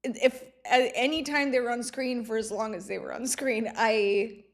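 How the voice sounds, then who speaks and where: Young female vlogger, casual chat, self-deprecating, laughs easily, slightly high voice. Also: normal speed.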